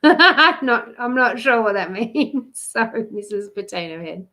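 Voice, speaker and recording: A woman with an Australian accent runs a live card reading about love, chatting with viewers and greeting them by name. Her voice sits a little high and has a bright, forward edge. She laughs easily and talks warmly to the people who are watching. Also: expressive, a little slow. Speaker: love coach and card reader.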